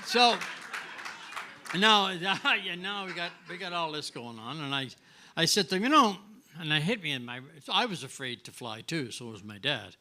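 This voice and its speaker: A man's voice: a little high, a little slow. An older man from Canada, a former hockey player, telling rambling anecdotes as a guest and acting out the dialogue. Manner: rambling, animated, acts out dialogue. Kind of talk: casual anecdotal storytelling. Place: restaurant, live show.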